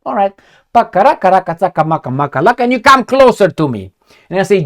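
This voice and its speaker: A man from Romania giving a casual commentary monologue, profane and animated, acting out little exchanges as he goes. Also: sits high, quick pace. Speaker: political commentator.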